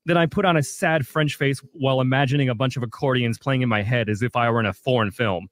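Deadpan man reading a comic review. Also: medium pitch, quick pace, no room sound. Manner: deadpan mock-pretentious storytelling. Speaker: radio show co-host. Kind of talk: reading a comedic review on morning radio. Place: radio studio.

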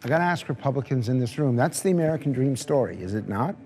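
A man's voice: medium pitch, lively intonation, fast, darkish tone. A man moderating a voter focus group, asking blunt probing questions.

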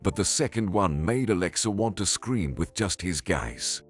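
A man narrating a scripted story in an expressive storytelling manner. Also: low voice, moderate pace, breathy edge. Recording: faint background music.

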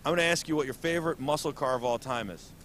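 A man's voice: medium pitch, fast, fairly bright tone, slight background noise. A man hosting an auto show interview, talking eagerly and animatedly and often repeating words. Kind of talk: enthusiastic interview. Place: busy convention hall booth.

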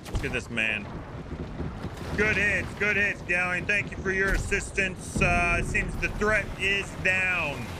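A male streamer with a high-pitched voice and measured pace does playful cop role-play while gaming, mock-official, bantering and theatrical. Steady background noise runs through the recording.

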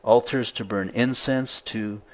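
A man's voice: medium pitch, fairly even intonation, measured pace. A male pastor preaching a sermon in an easygoing conversational way, reading scripture aloud with rising emphasis.

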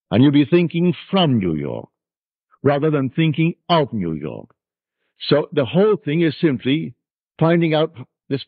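A man delivers a spiritual lecture with an emphatic, preaching cadence, his pitch rising and falling widely from line to line. His voice has a husky edge. The old recording sounds dry and narrow, like a phone line. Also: no echo.

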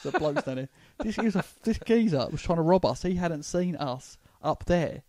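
A man's voice: fairly high pitch, expressive, brisk, dark tone, no echo. A young man with a London accent, co-hosting a comedy podcast, telling stories in a rambling way full of restarts. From England. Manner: rambling storyteller, stumbles and restarts. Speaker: podcast co-host. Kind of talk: casual comedy chat.

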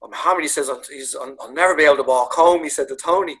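Husky Dublin man telling stories. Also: on the high side, fast talker, rough recording. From Ireland. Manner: animated anecdotes, acts out voices, swears freely. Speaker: comedian guest. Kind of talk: casual storytelling on a video call. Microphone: video call. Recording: video call audio.

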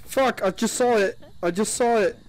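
A man's voice: high voice, normal speed, a little mellow. A man streaming a horror game with friends, swearing a lot, laughing and panicking. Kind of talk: casual gameplay chat with friends.

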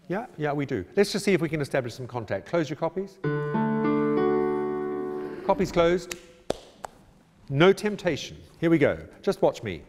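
A man leads a choir rehearsal in a brisk, encouraging way, slipping in jokes and singing phrases to show how they go. His voice sits fairly high and leaps around animatedly. The sound rings with the long reverb of a large hall. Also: big pitch swings, music in the background. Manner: encouraging, brisk, jokey asides, sings and demonstrates phrases. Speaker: choir director.

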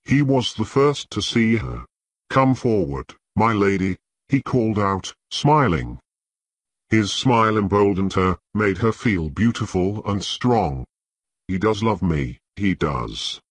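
A man narrates a fantasy novel at a slow, deliberate pace. His voice sits low with a husky edge and moves expressively through the sentences. The sound is close and dry. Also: no echo. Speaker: audiobook narrator.

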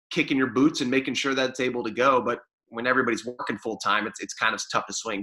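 A man's voice: medium pitch, sharp tone, poor audio. A man chatting casually in an interview, rambling with fillers and restarts. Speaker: guest, former pro sports media staffer.

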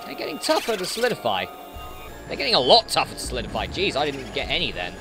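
A man doing let's play commentary, excitable and jokey, talking back at the game. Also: medium pitch, brisk, music in the background.

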